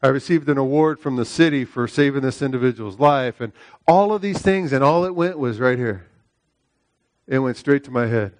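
A middle-aged male preacher delivering a sermon, leaning on repeated phrases and frequent "right?" checks. His voice moves between loud, high-pitched exhortation and hushed storytelling. The sound is dry and close, with no room echo. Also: normal speed. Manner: emphatic, repeats phrases, asks "right?" often.

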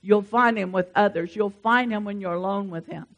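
A pastor, preaching a sermon in a lively, emphatic way and speaking straight to the congregation. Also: mid-range voice, moderate pace.

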